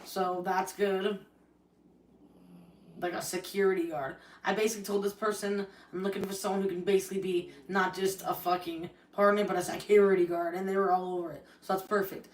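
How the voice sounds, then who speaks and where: A young woman in the middle of a heated, swear-filled rant on a live stream, rambling from one grievance to the next. Her voice sits at an ordinary pitch and rings in a roomy space, as if the mic is a few feet away. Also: little pitch movement, a little fast, recorded from a distance, slight background noise. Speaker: livestreamer.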